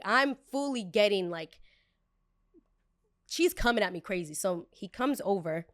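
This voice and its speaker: A woman's voice: mid-range voice, no echo, clean studio sound. Sassy young woman telling a story. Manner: animated, sassy, dramatic retelling with quick bursts. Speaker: podcast host. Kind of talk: casual storytelling.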